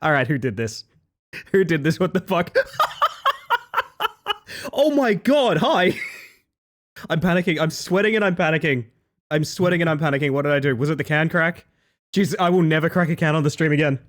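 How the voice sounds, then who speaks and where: A man chatting live to his stream audience, his voice sitting a little high and bouncing through a wide, animated pitch range. He gets excitable, swears freely and laughs a lot. He drops into soft, low asides between his loud bursts. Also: brisk. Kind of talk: casual live-stream chat.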